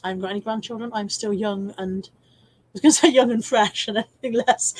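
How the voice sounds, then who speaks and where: A middle-aged woman, chatting on a casual live stream. Her voice sits fairly high. She reads out comments in a cheeky, swearing, easygoing way and laughs often. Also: steady tone, fast talker, dry recording. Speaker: live stream host reading viewer comments. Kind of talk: casual chat.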